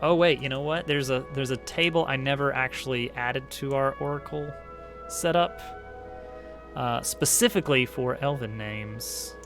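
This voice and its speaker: A man narrating as game master of a tabletop role-playing game, halting with many fillers and restarts. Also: medium pitch, over music.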